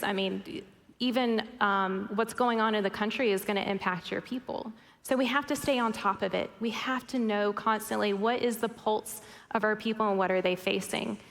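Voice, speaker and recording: Woman giving an earnest stage talk. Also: mid-range voice. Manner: earnest, steady, speaks to the audience directly. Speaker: conference speaker, company co-founder. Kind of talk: faith-based keynote talk. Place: large conference hall. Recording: long hall reverb on stage talk.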